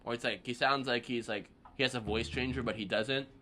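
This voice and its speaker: A young man chats loosely on a live stream between drumming sessions, his medium-pitched voice fairly even and a little quick. He rambles in laid-back slang full of fillers, and heavy background noise runs under the casual talk.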